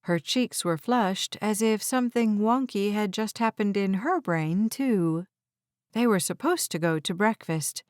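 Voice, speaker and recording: A woman narrating an audiobook in a measured, even storytelling voice on a close mic. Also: mid-range voice, clean tone, no echo.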